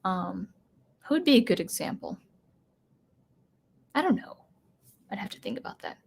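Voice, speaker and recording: Female streamer, mid-range voice, unscripted commentary, thinks out loud with frequent restarts. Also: medium pitch, sing-song, gravelly, husky. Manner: thinking aloud, halting with restarts. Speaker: channel host and teacher. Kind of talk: live-stream commentary answering chat.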